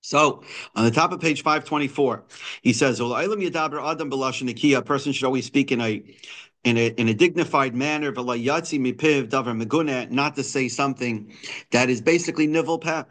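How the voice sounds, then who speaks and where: A man's voice: mid-range voice, fairly quick, a bit bright. Man teaching a religious text, reads a line then explains it, lots of ums and restarts, mid-range voice. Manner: explains Hebrew quotes in English, many restarts and fillers. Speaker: Torah teacher. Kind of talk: daily text lesson.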